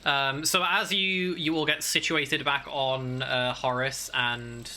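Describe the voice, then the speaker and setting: A man's voice: mid-range voice, steady tone, takes it slowly, bright, forceful tone, a little hiss or hum. A man narrating a tabletop game as game master, hesitant and full of fillers.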